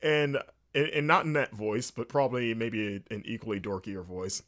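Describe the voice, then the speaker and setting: A man's voice: mid-range voice, moderate pace. A man hosting a casual games talk show, telling an anecdote with many fillers and restarts and acting out bits of dialogue. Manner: animated storytelling with many fillers and restarts, acting out quoted exchanges. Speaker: host. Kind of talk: casual rambling monologue.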